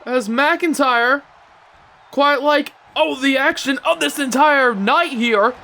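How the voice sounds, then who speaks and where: A young man giving excitable play-by-play commentary on a wrestling video game, breaking into shouts at big moves. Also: very high-pitched, slow, gravelly.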